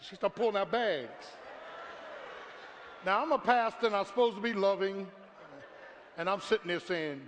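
A middle-aged pastor preaching a sermon, telling stories and calling out to his congregation, sometimes shouting. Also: sits high, normal speed, slight background noise. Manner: storytelling preacher, shouting at climaxes, talks to the congregation. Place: church hall before a congregation. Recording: live church recording with long reverb.

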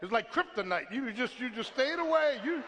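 A man preaching a sermon as pastor, calling for a witness from the congregation, swinging from shouts down to a hush. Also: very high voice, expressive, moderate pace, slight background noise. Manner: call-and-response preaching, asks for a witness; builds to shouts, then drops to a hush. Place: church sanctuary. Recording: long reverb from a large hall.

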